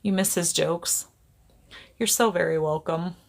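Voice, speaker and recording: A woman's voice: lowish voice, measured pace, gravelly. A woman psychic medium chatting casually on a livestream. She laughs often, keeps apologizing and gets easily sidetracked, speaking to a camera on a tripod.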